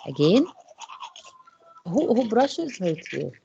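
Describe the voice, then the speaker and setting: A woman's voice: mid-range voice, sing-song, slow, vocal fry, warm tone, highs cut off, slight background noise. A woman English teacher teaches an online class, repeating questions to her students with many fillers and restarts.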